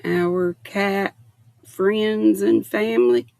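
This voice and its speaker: A woman's voice: medium pitch, expressive, very slow, vocal fry, darkish tone, no room sound. A woman in her sixties hosting a casual livestream, chatting affectionately and reading viewer comments aloud. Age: 60s. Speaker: livestream host.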